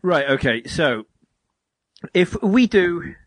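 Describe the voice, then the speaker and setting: A young man hosting a casual podcast, telling a story in an animated way and acting out the dialogue. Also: high voice, slow, a little hiss or hum. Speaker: podcast host. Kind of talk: casual chat.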